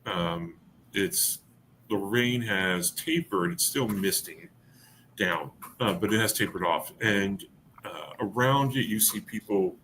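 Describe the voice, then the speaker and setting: Low-voiced male game master, halting. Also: a bit bright, slight background noise. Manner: halting, many fillers and restarts. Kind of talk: narrating a tabletop game.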